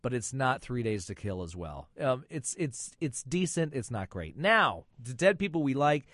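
A man's voice: mid-range voice, very animated, moderate pace, fairly bright tone, no echo. A man reviewing films and chatting on the radio, with chatty joking asides. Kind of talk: casual radio chat.

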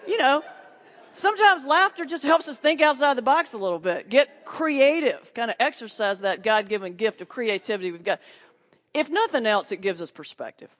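A woman's voice: a little high, animated, normal speed, a bit bright. Woman pastor doing stand-up in a hall. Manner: folksy Southern humor, punchy delivery with laughs. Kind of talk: stand-up comedy set. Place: large hall before a live audience. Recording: distant echoey hall, muffled.

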